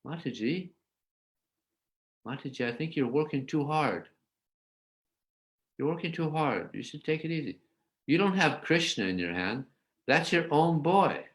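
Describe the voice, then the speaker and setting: A man voicing a gentle motherly woman who calmly reassures a worried old neighbor in a scripture story. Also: fairly high pitch, unhurried, long pauses, voice pushed up. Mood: soothing. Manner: soft, soothing and reassuring.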